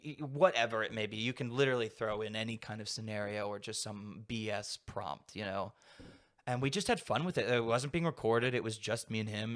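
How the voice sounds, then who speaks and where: A young man with a slightly low voice rambles easily through a casual podcast conversation, leaning on filler words as his thoughts wander. He sounds like a relaxed guest chatting with a friend. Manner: rambling, heavy use of "like" fillers.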